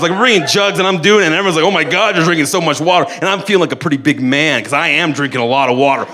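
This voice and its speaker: A man's voice: medium pitch, a bit bright, slight background noise. A young man telling a funny story on stage at a live storytelling night, rambling and mocking himself, with many restarts. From Canada. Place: live storytelling event in a venue.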